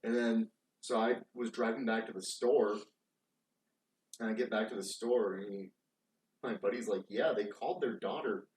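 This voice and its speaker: A young man, co-host of a casual podcast, telling animated work stories and swearing freely. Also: lowish voice, normal speed, long pauses, recorded from a distance. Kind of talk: casual chat. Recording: roomy echo, off-mic, faint noise.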